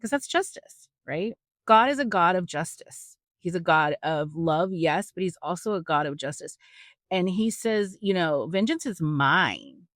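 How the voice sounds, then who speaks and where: A woman hosting a podcast, teaching a Bible story in a chatty, animated way with joking asides to her listeners. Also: on the low side, moderate pace, no echo, studio quality. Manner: chatty and animated, acts out quotes with big voice swings. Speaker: podcast host.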